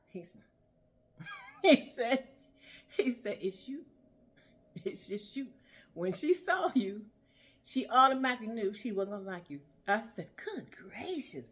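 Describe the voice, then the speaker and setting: A woman giving a casual motivational talk and telling a story, laughing often and acting out the voices of the people in it. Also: high-pitched. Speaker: motivational vlogger.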